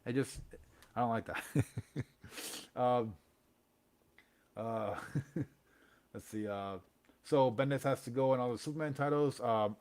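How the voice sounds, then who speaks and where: A man's voice: medium pitch, a bit bright, no echo. A young man hosting a comics livestream, rambling in casual chat with lots of fillers, slang and laughs.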